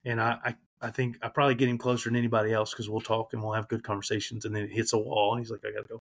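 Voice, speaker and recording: A man's voice: on the low side, little pitch movement, very fast. A man in his thirties, a podcast guest, candidly and reflectively telling a personal story, emotional at times.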